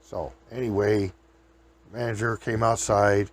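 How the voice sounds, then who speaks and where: A man's voice: lowish voice, flat delivery, a little slow, a little hiss or hum. Folksy man telling rambling comic stories. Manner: folksy, rambling, laughs at his own stories. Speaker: host.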